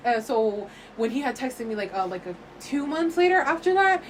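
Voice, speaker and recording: Chatty high-voiced woman podcast host. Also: expressive, moderate pace, a little hiss or hum, low-quality recording. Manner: chatty, rambling storytelling full of "like". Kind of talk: casual chat.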